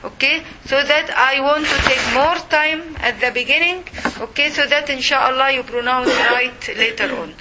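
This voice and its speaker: A woman with a high, fairly even voice teaches a Quran recitation class, slowly and patiently repeating words for her students to echo back. There's noise in the background.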